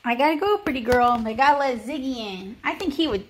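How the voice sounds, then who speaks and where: A woman's voice: sits high, animated, a little fast, slight background noise. A woman, filming a casual vlog as a pet sitter and talking to dogs in sing-song baby talk.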